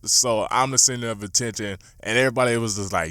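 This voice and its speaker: Young man, late teens, storytime vlog, slangy and profane, animated, mid-pitched, dry close sound. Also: fast talker, few pauses, smooth, dry recording. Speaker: YouTuber.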